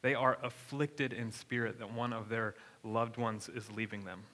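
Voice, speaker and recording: Asking his congregation questions as he goes, a young pastor preaches conversationally in a church sanctuary. His voice is medium-pitched and a bit bright, steady in tone, at a normal speed.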